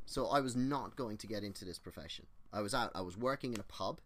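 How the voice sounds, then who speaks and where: A man's voice: lowish voice, expressive, fast, a bit bright. A man on a podcast as a guest, casually telling personal stories, swearing freely and acting out the people he quotes, often restarting and drifting onto tangents. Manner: rambling, restarts and goes on tangents. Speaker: podcast guest, exercise physiologist.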